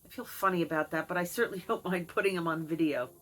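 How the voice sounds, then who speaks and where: Speaking fast in a lowish, fairly bright voice, a middle-aged video blogger shares a frank personal story on camera with chatty, wry humor, pausing between tales to address her cat. The audio is rough.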